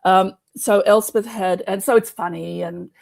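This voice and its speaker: Aussie woman, bit of fry in her voice, chatty guest going off on tangents. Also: mid-range voice, steady tone, a little slow, darkish tone. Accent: Australian. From Australia. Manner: rambling, digressive talk full of asides. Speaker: guest co-host. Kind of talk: casual chat.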